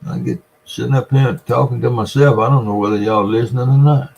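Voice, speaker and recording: A man's voice: mid-range voice, steady tone, a little fast, gravelly, a little mellow, poor audio. An older man with a Southern US accent, rambling through folksy stories in a casual livestream and chatting with his viewers. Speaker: livestream host. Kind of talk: casual livestream chat, reading viewer comments.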